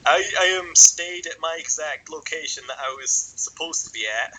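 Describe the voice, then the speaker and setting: A man's voice: on the high side, moderate pace, bright, forceful tone, low-quality recording. A young man telling a rambling school story on a podcast, swearing constantly and filling every gap with "like". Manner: sweary, rambling, filler-heavy. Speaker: podcast co-host.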